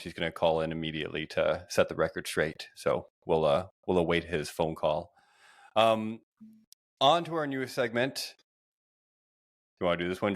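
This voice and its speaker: A man's voice: sits low, fairly bright tone. A man from Canada co-hosting a podcast, leading the segments in casual chat and joking and swearing with his friends. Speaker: podcast co-host.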